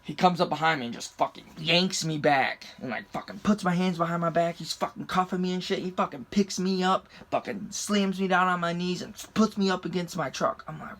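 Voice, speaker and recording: A man's voice: sits high, fairly quick, few pauses, a bit bright. A young man from the rural United States telling a story casually, heated and swearing constantly. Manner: profane, heated retelling.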